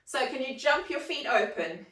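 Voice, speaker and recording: A woman leads a guided kids' yoga class with playful, encouraging, sing-song instructions. Her high, fairly bright voice is very animated at normal speed, heard from a distant mic in an echoey room.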